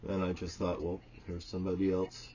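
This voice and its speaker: A man delivering an angry, profane monologue to the camera as a self-styled prophet, swinging between shouted curses and low, muttered storytelling. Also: monotone, a little fast, lo-fi sound.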